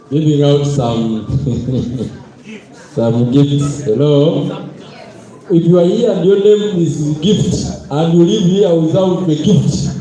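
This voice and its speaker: A man with a Zambian accent hosting a motivational event on stage, energetic and playful as he calls on the audience to respond. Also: high-pitched. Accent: Zambian English. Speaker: event host. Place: large hall with a live crowd. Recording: echoey hall with crowd.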